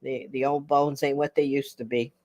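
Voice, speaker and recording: A woman's voice: extremely low pitch, level tone, normal speed, mellow. Chatty older woman hosting a live chat. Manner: chatty, rambling, laughs often. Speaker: livestream host. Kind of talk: casual live chat with viewers.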